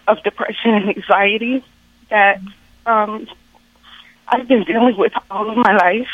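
A woman calls in to a counseling show, halting and hesitant, working hard not to cry. Her voice sits at a middle pitch. The call sounds muffled and lo-fi, with little room sound. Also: steady tone, no echo. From Texas. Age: adult. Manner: hesitant, halting, many fillers. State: close to tears. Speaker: caller. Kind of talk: call-in radio conversation. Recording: muffled phone-line call.

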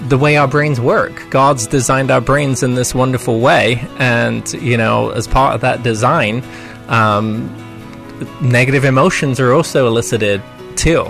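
A man co-hosting a call-in radio advice show, gently explaining and empathizing with a caller. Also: medium pitch, steady tone, unhurried, creaky, faint music behind. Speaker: radio co-host, counselor.

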